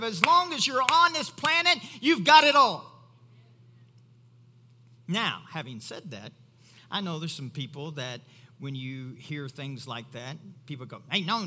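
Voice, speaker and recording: Kentucky preacher guy, bright edgy voice a bit high, goes from soft asides to shouting, big echoey church. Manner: swings from quiet asides to loud, high-pitched exclamations. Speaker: pastor. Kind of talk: sermon.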